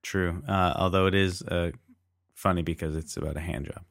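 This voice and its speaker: Very deep-voiced man, dry close sound. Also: fairly even intonation, moderate pace, dry recording. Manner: rambling, hesitant with many fillers. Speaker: podcast co-host. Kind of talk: casual film discussion.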